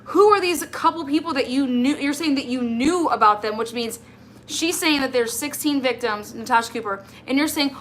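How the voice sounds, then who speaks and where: A woman's voice: high voice, expressive, moderate pace, fairly bright tone, a little hiss or hum. A woman hosting a livestream, ranting in an exasperated, confrontational way and talking straight at someone who is absent. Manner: exasperated, confrontational, addresses absent person directly. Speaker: livestream host.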